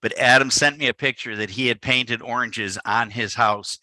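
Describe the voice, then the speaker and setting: A man's voice: mid-range voice, normal speed, no echo. A man from the Chicago area, a photographer giving a talk to a live audience, telling a story and acting out the dialogue. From Chicago area, United States. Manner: lively storyteller who acts out the dialogue. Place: indoor event space.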